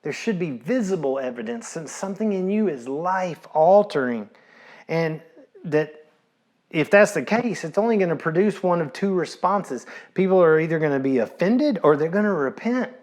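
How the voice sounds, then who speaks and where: A man, a pastor preaching a sermon in a relaxed, storytelling way, repeating phrases and dropping in casual asides. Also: fairly high pitch, normal speed.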